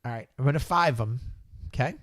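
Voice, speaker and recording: A man's voice: medium pitch, brisk, fairly bright tone, no echo, clean studio sound. A man playing a tabletop game, chatting casually and chuckling often. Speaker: player.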